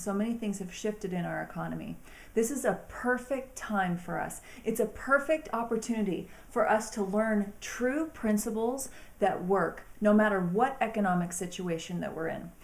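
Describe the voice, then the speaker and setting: A woman hosting an inspirational talk, speaking in an earnest, encouraging way with slow, emphatic phrasing. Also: mid-range voice, a little mellow, roomy sound. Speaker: host.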